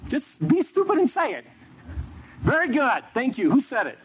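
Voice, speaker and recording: Animated storytelling preacher, lo-fi. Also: male voice, very high voice, normal speed. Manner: animated storyteller, quizzes audience. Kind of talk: sermon with audience questions. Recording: dull lo-fi with faint noise.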